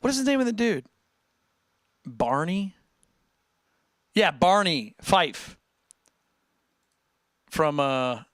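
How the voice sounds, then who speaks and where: A man's voice: mid-range voice, fairly bright tone, no room sound, studio quality. A man hosting a casual livestream, rambling and breaking off mid-sentence as he reads chat aloud. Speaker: livestream host.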